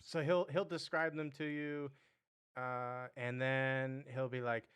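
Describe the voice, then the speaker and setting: A man acting as game master of a live-streamed tabletop game, halting as he thinks aloud while he describes things. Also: mid-range voice, flat delivery, fairly bright tone, clear, resonant tone.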